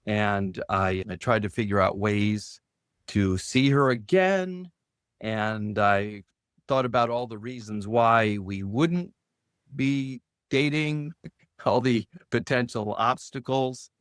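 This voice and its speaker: Animated middle-aged man telling a story. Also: takes it slowly, clean tone, no echo, clean studio sound. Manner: animated storyteller, lifts his pitch sharply when quoting others. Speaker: podcast guest, physician. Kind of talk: storytelling in conversation.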